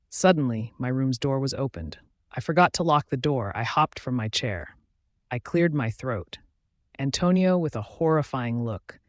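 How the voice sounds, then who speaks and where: A man reading a romance audiobook aloud in a steady, even first-person narration. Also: mid-range voice, no echo, studio quality.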